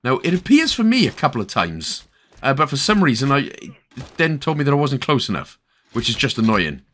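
A man's voice: medium pitch, wildly swooping pitch, brisk, a bit bright. A man from Wales talking through a game walkthrough, chatty and joking with the player as he goes. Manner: chatty, jokey asides, talks to the player. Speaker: game guide narrator. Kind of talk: casual game walkthrough commentary.

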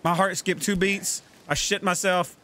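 A man giving gaming commentary, talking himself through moves and yelling and swearing at the game. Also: high-pitched, little pitch movement, measured pace. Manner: swears a lot and yells at the game. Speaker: let's play gamer.

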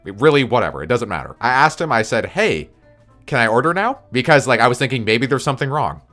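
A man's voice: mid-range voice, animated, rapid-fire, a bit bright, faint music behind. A man telling a story on his video channel, ranting and swearing as he goes. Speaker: video creator. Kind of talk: story-time vlog.

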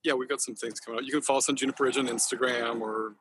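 A man's voice: medium pitch, steady tone, rapid-fire, a bit bright, a little hiss or hum. A man talking passionately in a casual podcast interview, rambling and swearing freely. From Northern California. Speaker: podcast guest, company founder.

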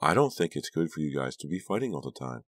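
A man voicing a gentle teenage girl earnestly trying to make peace between her friends. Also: a bass voice, big pitch swings, fast talker, no echo, full character voice. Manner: earnest, soothing.

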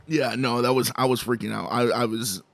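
A man chatting casually on a podcast, telling a story in an animated way, acting out quotes and laughing often. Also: mid-range voice, a little fast, creaky. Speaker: podcast co-host. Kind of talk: casual chat.

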